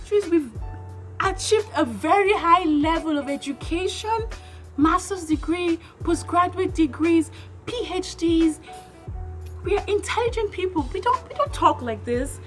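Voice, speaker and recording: A woman from Nigeria, giving opinionated vlog commentary in an emphatic way, full of rhetorical questions. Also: extremely high pitch. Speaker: vlogger. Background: background music.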